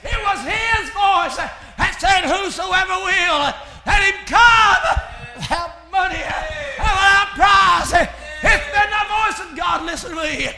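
A man's voice: very high voice, slow pace, gravelly, few pauses, sharp tone, raised voice, some chatter behind. A man, preaching a sermon in a hollering, chanted style. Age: 60s. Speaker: pastor. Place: church. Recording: echoey church with congregation.

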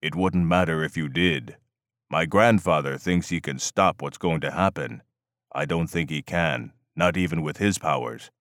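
A man's voice: a bass voice, moderate pace, a bit bright, no echo, studio quality. A man voicing a stern, hostile armed man in his forties who speaks in curt, threatening lines. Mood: grim. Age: 40s.

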